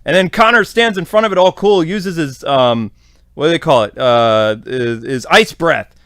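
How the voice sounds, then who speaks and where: A man's voice: a little high, expressive, moderate pace, a bit bright, smooth, no room sound, studio quality. A man hosting a podcast, giving a casual, rambling episode recap full of fillers. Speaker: podcast host.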